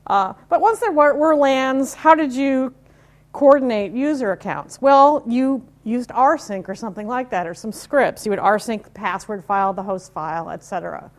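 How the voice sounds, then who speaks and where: A woman's voice: on the high side, moderate pace. Chatty woman in her fifties giving a talk. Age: 50s. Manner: chatty and informal, with wry asides and audience questions. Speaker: conference speaker. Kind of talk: live technical talk to an audience.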